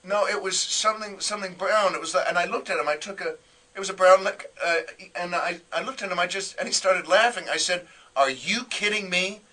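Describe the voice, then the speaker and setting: A man telling a story as a guest on a radio interview, animated and acting out the voices he quotes. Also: high voice, brisk, recorded from a distance. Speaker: comedian guest.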